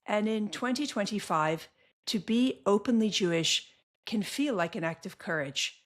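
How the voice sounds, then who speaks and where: A woman's voice: medium pitch, lively intonation, unhurried. A woman hosting an interview podcast who reads a scripted intro and asks earnest, enthusiastic questions. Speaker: podcast host.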